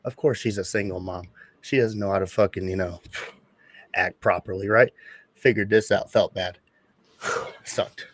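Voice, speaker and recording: A man's voice: low voice, steady tone, measured pace, pauses often, no room sound. A man co-hosting a casual podcast chat, telling a story bluntly and with plenty of swearing. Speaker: podcast co-host.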